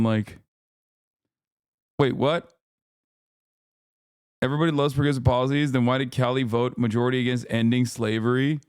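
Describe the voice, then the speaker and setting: A man with a smooth, slightly mellow medium-pitched voice hosts a casual livestream, recorded at studio quality with no room sound. Living in California, he rants back at his chat with plenty of profanity and frequent laughter.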